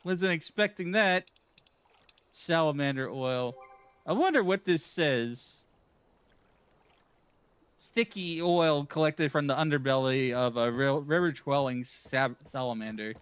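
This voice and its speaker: A man's voice: a little high, takes it slowly, pauses often, a bit bright, clean tone. A man streaming a game, reacting with incredulous, laughing comments as he plays. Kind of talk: casual gaming stream commentary.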